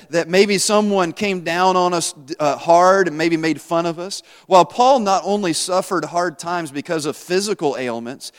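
Male pastor, fairly high voice, conversational sermon, quizzes the crowd, self-mocking humor, long church-hall reverb. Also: a bit bright. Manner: conversational, asks the congregation questions, self-deprecating humor.

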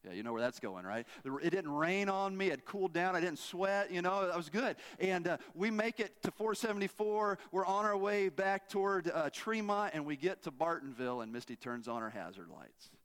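A middle-aged preacher with a notably high voice tells a long personal story from the pulpit. He talks casually and keeps turning to the congregation with questions. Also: moderate pace, few pauses. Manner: animated, conversational, asks the congregation questions. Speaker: pastor. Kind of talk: storytelling sermon.

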